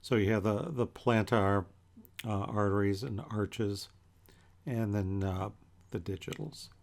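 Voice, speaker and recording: A man teaching an anatomy lecture in a relaxed, conversational way as he points through pictures. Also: fairly low pitch, vocal fry. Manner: relaxed and conversational, with many fillers and pauses. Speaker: anatomy instructor.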